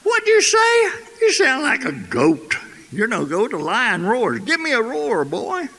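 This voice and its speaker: A man voicing a proud, gruff old male lion who bosses a young cub around, in a gravelly folksy drawl. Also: very high-pitched, huge pitch swings, unhurried, sharp tone, pitched above the performer's own voice, exaggerated voice. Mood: demanding. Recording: echoey hall, faint hiss.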